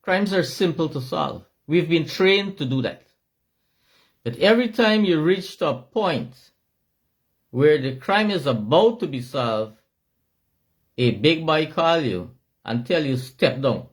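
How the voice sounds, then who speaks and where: A middle-aged Guyanese man with a Guyanese accent, giving an impassioned, shouting monologue with emphatic repetition. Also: fairly high pitch, lively intonation, slow, pauses often.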